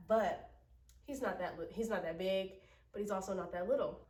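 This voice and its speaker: A woman's voice: on the low side, a little mellow. Patient woman teaching children acting. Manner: explains slowly and patiently, often asking "right?". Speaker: drama teacher. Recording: roomy echo, from mic distance.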